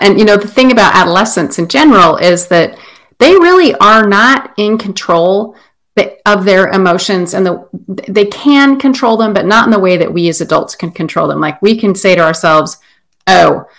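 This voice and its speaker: A woman's voice: mid-range voice, a bit bright. A woman guest in a conversational interview, explaining teen development in a chatty way, often correcting herself and laughing at her own slips. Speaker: parenting expert guest.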